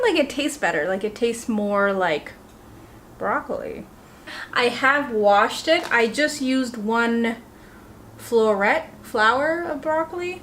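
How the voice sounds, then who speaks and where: A young woman with an Indian accent cooks in her home kitchen while chatting casually to the camera as a vlogger, talkative and self-deprecating. Her voice is high and a bit bright, with a little hiss or hum.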